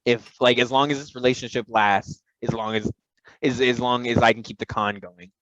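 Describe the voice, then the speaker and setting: A man's voice: mid-range voice, moderate pace, no room sound, muffled recording. A man co-hosting a comedy podcast, telling a rambling story full of restarts and quoted voices. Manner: rambling, self-interrupting, animated storyteller. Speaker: podcast co-host.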